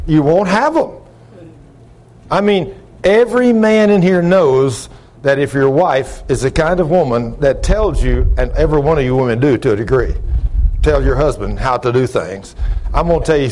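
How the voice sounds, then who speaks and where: An older man preaching a folksy sermon, talking loud and gruff, telling plain-spoken stories and asking the congregation questions. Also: a little high, expressive, normal speed, a little hiss or hum. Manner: loud, gruff, rising into shouts when acting out stories; plain-spoken, ungrammatical storytelling with audience questions.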